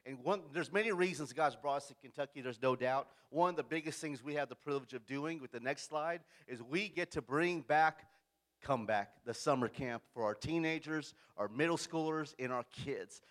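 A man's voice: fairly high pitch, normal speed, fairly bright tone. A man in his forties from central California, a youth and discipleship director introducing himself to a church in a folksy, joking way and asking for amens.

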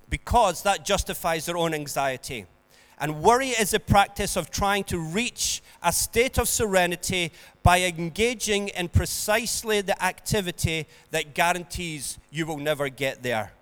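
Male preacher, earnest sermon delivery, unhurried, reverberant hall sound. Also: on the high side. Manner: earnest, builds to emphatic peaks then drops soft.

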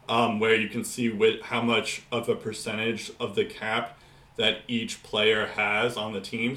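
A man's voice: medium pitch, bright, forceful tone, reverberant. A man co-hosting a casual podcast chat, rambling with many fillers and restarts. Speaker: podcast co-host.

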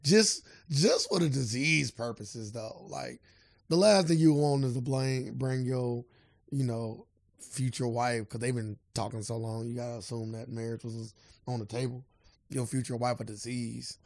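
Co-host, man, gravelly voice, deadpan teasing, dry close mic. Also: mid-range voice, unhurried, no echo. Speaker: podcast co-host. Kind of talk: casual chat.

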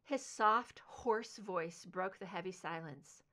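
A woman reading fan fiction aloud, narrating in an expressive, emotive way. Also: fairly low pitch, slow. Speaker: audiobook reader.

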